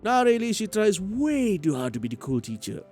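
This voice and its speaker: Sulky teen girl camper, prickly short questions, lively ups and downs , read out by a guy. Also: high voice, moderate pace, faint music behind, pitched above the performer's own voice. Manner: curt, guarded questions. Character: sullen teenage girl camper, prickly and defensive.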